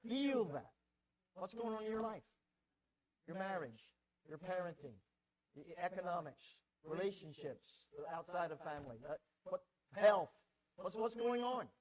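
Emphatic high-voiced male pastor preaching. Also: expressive, a little slow, rough recording. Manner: emphatic preaching, swings from low and quiet to loud and pleading; repeats words when stirred. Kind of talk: sermon.

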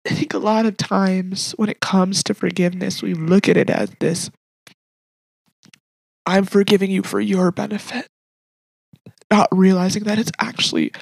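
A woman's voice: mid-range voice, fairly even intonation, moderate pace, creaky, pauses often, darkish tone, slightly rough, dry recording. A young adult woman hosting a podcast, telling an emotional personal faith story in an earnest, heartfelt way. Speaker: podcast host. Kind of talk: personal testimony.

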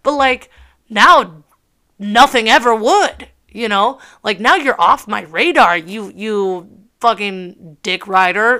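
A woman in her early twenties telling a personal story in a casual, animated way, full of swearing and filler words. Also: medium pitch, takes it slowly. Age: early 20s.

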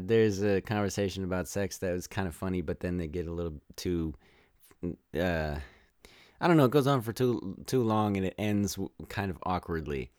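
A young man hosting a podcast, rambling through a casual spoiler-filled film review with exasperated, animated rants. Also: sits low, dry recording, clean studio sound.

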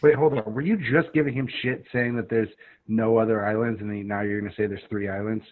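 A man chiming in on a casual podcast chat with quick interjections. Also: on the low side, fairly even intonation. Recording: tinny phone-like line.

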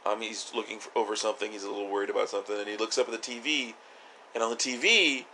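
A man's voice: fairly low pitch, steady tone, rapid-fire, sharp tone. Guy cohosting a casual podcast, jokey, swears a lot, laughs, some faint noise behind. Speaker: podcast co-host. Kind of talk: casual chat reviewing a TV episode.

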